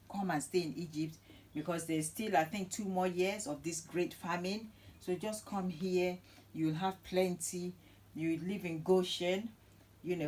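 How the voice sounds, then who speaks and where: A woman with a fairly low voice tells a Bible story as a teacher. She talks casually and acts out the characters' lines as she goes. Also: warm tone, slight background noise, rough recording.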